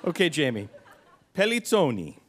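Man, quiz master, dry jokes, lively pitch, faint audience noise. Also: moderate pace, a faint crowd. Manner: dry, jokey, animated delivery. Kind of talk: explaining and running a quiz game.

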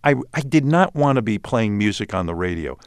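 He has a fairly low, clean-toned voice and talks fairly quickly, in clean studio sound with no room noise. A radio host in his sixties with a New York accent, he's telling stories as an interview guest, casual and animated, with many restarts.

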